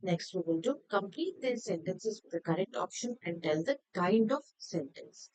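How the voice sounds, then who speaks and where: A woman's voice: medium pitch, lively intonation, moderate pace, a little mellow, no echo, rough recording. A woman teacher going through a grammar worksheet, explaining each answer step by step in a methodical way.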